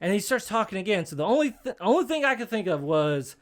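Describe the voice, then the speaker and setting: A man telling an animated story in casual chat, acting out the voices and laughing at himself. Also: high-pitched, fast talker, few pauses.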